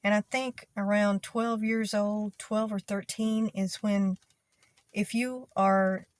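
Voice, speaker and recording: A young woman with a soft Texas twang talks to her channel in a relaxed, meandering way. She pauses often, fills gaps with ums, and keeps an easygoing, conversational flow. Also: mid-range voice, no echo. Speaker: video creator. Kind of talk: casual talk to camera.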